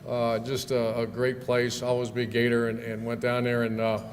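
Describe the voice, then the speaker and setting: A man's voice: medium pitch, monotone, moderate pace. Folksy middle-aged man telling stories. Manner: folksy storyteller with fillers and restarts. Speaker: guest speaker, football coach. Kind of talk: storytelling speech at a club event. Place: banquet hall. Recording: long hall reverb, faint room noise.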